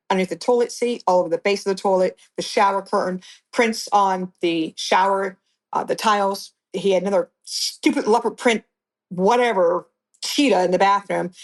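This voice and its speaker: A middle-aged woman giving a blunt, conversational account of her past as an interview guest. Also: medium pitch. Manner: blunt, conversational storytelling with restarts.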